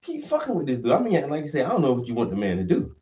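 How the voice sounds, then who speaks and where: A man's voice: medium pitch, wildly swooping pitch, very fast, dark tone. A man ranting casually and profanely, acting out quoted voices as he goes. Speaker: stream host. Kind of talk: casual rant. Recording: dull audio, mic at a distance.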